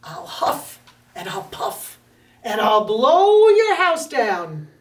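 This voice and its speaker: A woman's voice: fairly high pitch, sing-song, slow. A woman voicing the big bad wolf, a blustering male wolf who draws out his threats, recorded in a roomy space from a distant mic. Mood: threatening.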